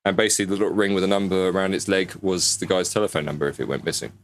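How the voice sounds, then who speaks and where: Podcast co-host, very low voice, rambling through a story with fillers. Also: male voice, fairly even intonation, racing. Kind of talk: casual chat, telling a news story.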